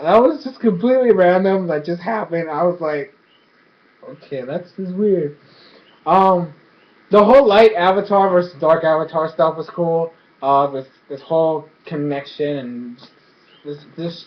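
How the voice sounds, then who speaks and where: A man with a fairly high voice rambles excitedly through a casual review, stumbling over restarts and fillers. The sound is dull and lo-fi, as from a cheap home mic. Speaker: show reviewer. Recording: dull lo-fi recording.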